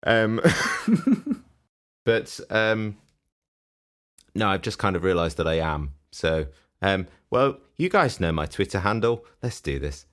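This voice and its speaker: Brief: male podcast co-host, low-pitched, playful and rambling. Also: lively intonation, slow, long pauses, fairly bright tone. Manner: teasing, rambling, laughs often. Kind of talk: casual comedic podcast chat.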